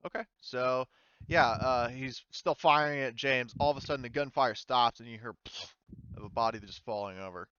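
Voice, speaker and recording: Chatty male game master, smooth voice. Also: medium pitch, moderate pace, pushed and bright, no echo. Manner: loose and chatty, frequent fillers and restarts. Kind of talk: running a tabletop war game. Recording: slightly dull, lo-fi mic.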